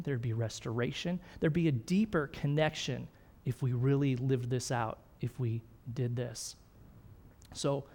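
A man's voice: mid-range voice, darkish tone. A middle-aged man preaching a sermon in a conversational way, often checking in with his listeners and laughing lightly. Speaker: pastor.

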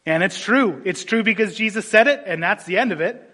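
A man preaching a sermon, animated and storytelling, dropping suddenly into quiet asides. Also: sits high, a little fast. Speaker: pastor. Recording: long hall reverb.

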